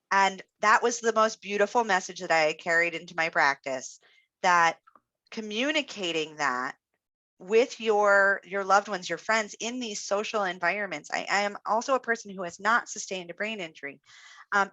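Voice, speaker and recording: A woman's voice: medium pitch, normal speed, pushed and bright, dry recording. A woman speech-language pathologist giving an encouraging, reflective webinar talk, with frequent fillers. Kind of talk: webinar presentation.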